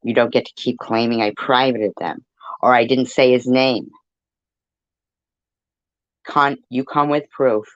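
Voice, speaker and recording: Man, angry rant to camera, slow dragging delivery, low voice, dull dry lo-fi sound. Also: a bit bright, dry recording. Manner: profane, taunting, slow and deliberate.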